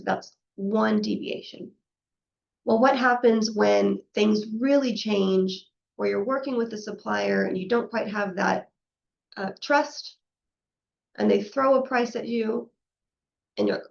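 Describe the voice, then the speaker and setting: A woman presents a professional session in a chatty, conversational way, often tossing in a "right?" and acting out quoted back-and-forths. Her voice carries a gravelly fry, and the recording sounds somewhat muffled and lo-fi. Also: mid-range voice, measured pace. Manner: conversational, frequently adds "right?" and acts out quoted exchanges.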